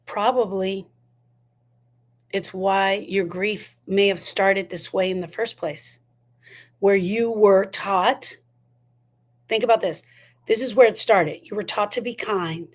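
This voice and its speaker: A woman's voice: medium pitch, fairly even intonation, takes it slowly, long pauses. A woman giving a motivational talk on grief, emphatic and full of repeated rhetorical questions. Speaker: grief educator.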